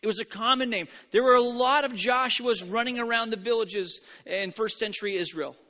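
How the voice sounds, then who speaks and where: A man preaching a sermon, animated and playful with frequent stumbling restarts, in an echoing church hall. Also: very high voice, a little fast. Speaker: pastor. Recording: reverberant hall, dull sound.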